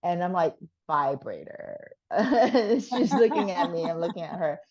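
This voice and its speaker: A woman's voice: fairly low pitch, normal speed, muffled recording. Laughing, swearing woman telling a story. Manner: animated, laughing storyteller who swears casually. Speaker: guest. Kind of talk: casual storytelling chat.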